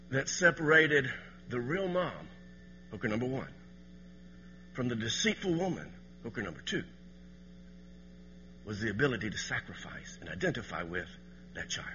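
Animated bright-voiced preacher man. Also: mid-range voice, long reverb tail, muffled recording, a little hiss or hum. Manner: animated preaching, swings from quiet to loud. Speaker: pastor. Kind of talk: sermon.

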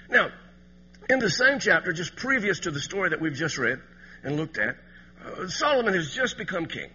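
A man preaching a sermon as pastor, swinging from quiet asides to loud emphatic passages. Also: high-pitched, big pitch swings, moderate pace, pauses often, in a large hall, highs cut off, a little hiss or hum.

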